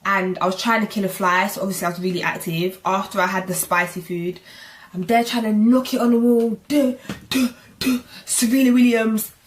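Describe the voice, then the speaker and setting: A woman's voice: mid-range voice, steady tone, a little fast. A young woman in her twenties with a London accent, chatting casually and animatedly to her viewers in a vlog, often out of breath. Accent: London English. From England. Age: 20s. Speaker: vlogger. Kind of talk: casual pregnancy vlog chat.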